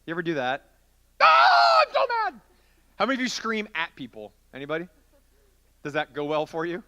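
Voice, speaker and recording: A man giving a playful, joking youth group sermon as its pastor. His voice sits high and swings widely, with a bright, sharp edge. He teases volunteers as he teaches. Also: expressive, fast talker.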